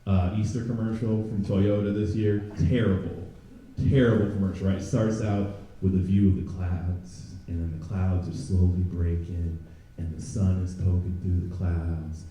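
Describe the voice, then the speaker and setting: A young man performing a stand-up comedy set, chatting with the crowd and jumping into loud mocking voices. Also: low voice, flat delivery, moderate pace. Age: young adult. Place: comedy club stage before a live audience. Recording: very echoey room, from a distance.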